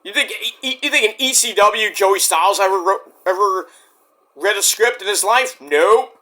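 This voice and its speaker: Lively, bright-voiced male wrestling vlogger. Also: high-pitched, moderate pace. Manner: animated, rambling, jumps into sudden shouts. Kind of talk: casual ranting review.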